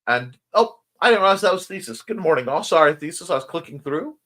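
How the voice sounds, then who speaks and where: A fast-talking, animated man with a slightly high, somewhat scratchy voice hosts a casual morning stream. He notes his own speech impediment while rambling, playing around, and reading viewer comments in a warm, friendly way.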